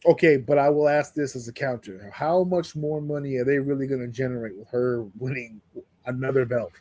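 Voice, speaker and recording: Animated, profane man recapping wrestling. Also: medium pitch, a little fast, dry recording. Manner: animated storyteller, swears freely. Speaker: podcast co-host. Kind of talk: casual chat.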